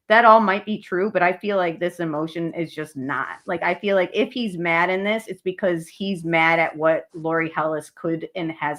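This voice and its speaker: A woman's voice: lowish voice, moderate pace, few pauses, a bit bright. Chatty woman analysing with many fillers. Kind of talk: casual commentary.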